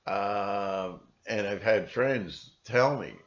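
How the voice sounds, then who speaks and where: A man's voice: fairly low pitch, very slow, highs cut off. A man hosting his own video channel, talking in a rambling, casual monologue and often slipping into voices to mimic other people.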